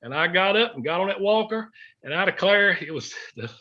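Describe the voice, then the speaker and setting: A man's voice: high voice, lively intonation, a little fast, sharp tone. A middle-aged man telling a heartfelt story in an interview, folksy and sometimes choked up. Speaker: guest, former gospel singer. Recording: dull lo-fi recording.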